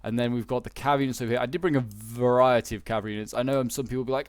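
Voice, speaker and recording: A man's voice: mid-range voice, steady tone, racing, no echo. A young man with a Yorkshire accent giving casual, rambling gameplay commentary, full of fillers and restarts. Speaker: gaming YouTuber.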